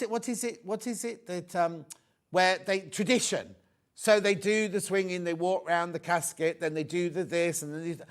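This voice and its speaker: A middle-aged man hosts a live shopping broadcast, talking in a somewhat high voice. He rambles through anecdotes and jokey asides between quoting prices. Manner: chatty, rambling, joking asides. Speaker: shopping channel presenter. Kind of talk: live TV sales chat.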